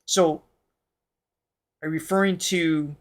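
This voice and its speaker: A man's voice: a little high, slow. Upbeat man coaching voices. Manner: animated, explanatory, laughs often. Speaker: vocal coach and show host. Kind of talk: casual reaction chat and explanation.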